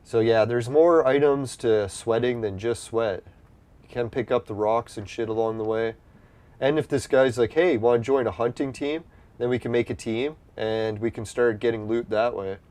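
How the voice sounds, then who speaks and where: His mid-range voice stays steady, moving at normal speed with a clean, darkish tone. As a gameplay streamer, he rambles and swears casually over an online game, laid-back, his nose a little stuffy due to allergies.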